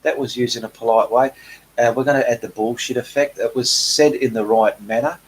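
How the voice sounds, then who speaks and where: A man hosting a relaxed live painting Q&A, reading viewer comments aloud in a chatty way with frequent ums. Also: medium pitch, fairly quick, slight background noise, rough recording. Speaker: painting channel host.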